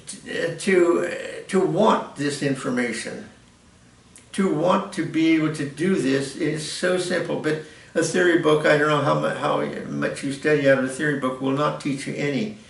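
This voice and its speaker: A man's voice: a little high, moderate pace, creaky. An older man giving a rambling, informal music lesson and correcting himself as he explains. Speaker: music teacher. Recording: echoey room, mic at a distance.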